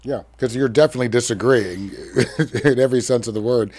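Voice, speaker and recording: A man's voice: mid-range voice, brisk, no room sound. A man hosting a podcast interview, asking questions and affirming his guest. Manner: affirming, encouraging, steady. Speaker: podcast host. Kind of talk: casual interview talk.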